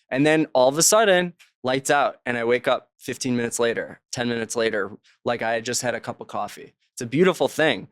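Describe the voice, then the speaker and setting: A man's voice: mid-range voice, fairly quick, fairly bright tone, smooth, no echo, studio quality. A man, an author, talking casually as a guest in an interview and telling anecdotes, slipping into the voices of the people he quotes.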